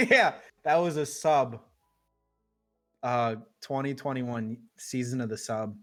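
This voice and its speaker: A man's voice: mid-range voice, lively intonation, slow pace, fairly bright tone. An easygoing man hosts a casual post-match interview for an esports stream. He asks loose questions over a headset, with faint music playing underneath. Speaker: esports caster. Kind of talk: interviewing players after a match.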